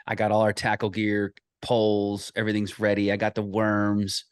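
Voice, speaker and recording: A man's voice: fairly low pitch, completely flat delivery, normal speed, smooth, no echo, clean studio sound. A man in his thirties, an associate pastor and author, earnestly telling a personal story in an interview with frequent restarts.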